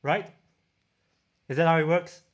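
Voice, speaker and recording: A man from Singapore with a Singaporean accent, a tech reviewer chatting casually on a livestream and reading viewer comments aloud, often halting and restarting his sentences. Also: a little high. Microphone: camera-mounted shotgun mic.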